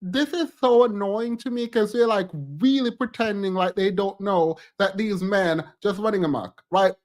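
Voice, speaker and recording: Guy with a pretty high voice ranting at clips, exasperated, keeps repeating himself. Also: fairly even intonation, normal speed. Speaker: streamer reacting to reality TV clips. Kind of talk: reaction commentary.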